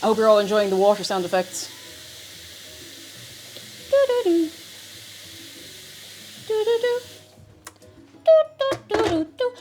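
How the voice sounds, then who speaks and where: An Irish woman streaming casually while she cooks, chatty and a bit scatterbrained, humming little tunes between thoughts. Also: fairly high pitch. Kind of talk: casual live-stream chat while cooking.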